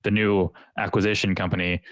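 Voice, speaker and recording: Deep-voiced male podcast host. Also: fairly quick, no room sound. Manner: relaxed, chatty, with fillers and restarts. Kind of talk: casual conversational interview.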